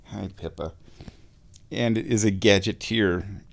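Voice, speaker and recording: A man hosting his own show, talking in a relaxed, rambling way while lying down and chuckling often. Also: on the low side, takes it slowly, gravelly. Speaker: solo show host. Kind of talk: casual monologue.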